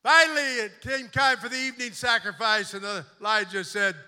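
Fervent high-voiced preaching man. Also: moderate pace, clean tone. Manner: fervent preaching, swinging from quiet storytelling to loud exhortation. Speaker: bishop preaching. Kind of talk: sermon. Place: church sanctuary. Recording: long church reverb.

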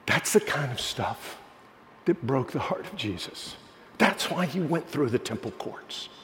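A man preaching a sermon as pastor, telling stories earnestly and dropping his voice low when quoting others. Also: animated, a little slow, fairly bright tone, in a large hall, a little hiss or hum.

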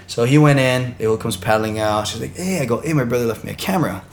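A man telling a funny story as a podcast guest, animated and laughing as he goes. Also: mid-range voice, quick pace, slight background noise. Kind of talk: casual storytelling.

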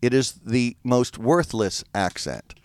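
A man's voice: mid-range voice, animated, slow pace, smooth, no echo. A man with a Baltimore accent, a guest on a radio show, telling jokes and stories. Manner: jokey storyteller, plays with vowels. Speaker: studio guest, comic singer. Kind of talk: radio studio chat.

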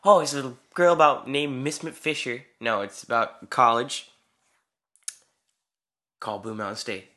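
A man's voice: medium pitch, steady tone, unhurried, long pauses, bright, forceful tone. A young man in his late teens chatting casually as a co-host, teasing and sarcastic in his banter. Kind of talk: casual chat.

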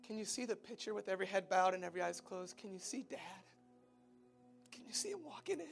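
Pastor guy preaching soft and tender, kinda high voice, gravelly, quiet music behind. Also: expressive, fast. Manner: tender, pleading, often drops soft and quiet. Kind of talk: sermon.

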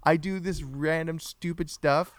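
A man's voice: on the high side, fairly even intonation, measured pace, no room sound, clean studio sound. A man co-hosting a casual live podcast, joking, laughing often and reading out viewer comments. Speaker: podcast co-host. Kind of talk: casual live-stream chat.

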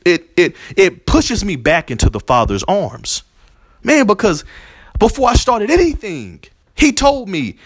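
A man's voice: sits high, wildly swooping pitch, brisk, fairly bright tone, no echo, clean studio sound. A man hosting a religious podcast, talking in an emotional, preacherly way and repeating himself as he thanks his listeners. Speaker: podcast host. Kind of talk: heartfelt religious podcast talk.

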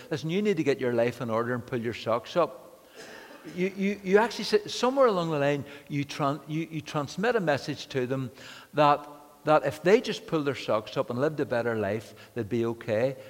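A male preacher delivers a sermon with a slightly raised pitch, his words trailing into the long reverb of a hall. He tells stories in an animated way, stumbling and repeating words as he builds his points. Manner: animated storytelling with frequent restarts and repeated words. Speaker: pastor.

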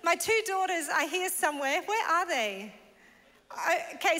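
A woman's voice: extremely high pitch, animated, moderate pace, pushed and bright. A woman pastor from Northern Ireland, preaching in a bubbly, laughing, chatty way. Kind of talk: sermon. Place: large church hall. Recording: long church hall reverb.

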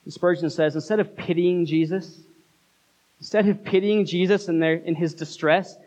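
Man, pastor, sermon, earnest, dramatic pauses, slightly dull recording. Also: high-pitched, steady tone, a little mellow.

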